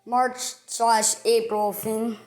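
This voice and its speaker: A woman hosting a casual sports video, reading news and a schedule off a list item by item in a halting way. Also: on the high side, little pitch movement, a little mellow.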